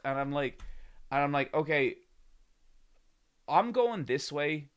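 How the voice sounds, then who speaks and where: A man's voice: a little high, lively intonation, takes it slowly, long pauses, smooth. An Irish man in his thirties telling a rambling story to his live-stream chat, swearing and getting worked up. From Ireland.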